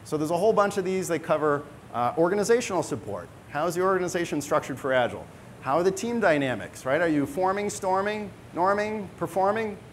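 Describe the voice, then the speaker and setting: A man's voice: sits high, expressive, brisk, slight background noise. A man giving a conference talk, emphatic and conversational, often tagging his points with a questioning "right?". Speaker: conference speaker. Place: conference hall.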